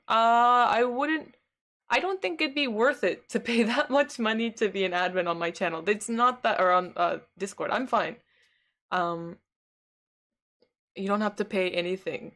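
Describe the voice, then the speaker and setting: A woman's voice: fairly high pitch, measured pace, a bit bright. A woman streamer chatting casually with her live chat. She rambles, fills her talk with "like" and laughs often.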